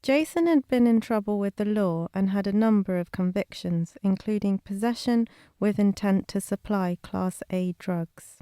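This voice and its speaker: A woman reads documentary narration in a measured, factual way. Her voice is smooth and mellow, recorded dry and close with no room sound. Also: medium pitch, dry recording. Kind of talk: scripted narration.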